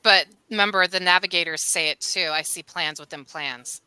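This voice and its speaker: A woman with a very bright, crisp voice, recorded close and dry, cuts in with quick, amused reactions during a casual movie talk. She plays the co-host. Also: fairly low pitch, no room sound.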